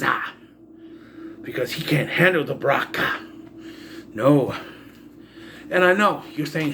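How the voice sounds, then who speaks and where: A man with a fairly high voice rants his way through a casual wrestling recap, sarcastic and quick to throw in mock-announcer flourishes. Faint room ambience hums behind him. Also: fairly bright tone, slight background noise. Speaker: wrestling vlogger. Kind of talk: casual solo commentary.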